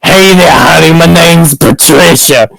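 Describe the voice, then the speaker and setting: A man voicing a chain-smoking woman pyromancer who calls everyone honey, in a slow, syrupy drawl. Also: fairly high pitch, gravelly, fairly bright tone, no echo, voice pushed up, full character voice, low-quality recording. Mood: flirty, sultry.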